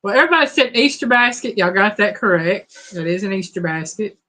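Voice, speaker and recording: A woman hosting a live trivia chat. Her voice is hoarse, and she talks casually while reading out viewers' answers. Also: mid-range voice, animated, fairly quick, sharp tone. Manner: chatty, reads out viewers' answers.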